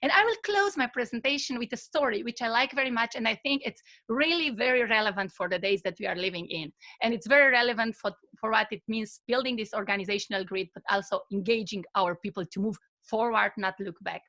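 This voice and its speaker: A woman's voice: fairly high pitch, fast talker, few pauses, sharp tone. A woman giving an online webinar presentation over a video call, telling a story and speaking hesitantly with many fillers and restarts.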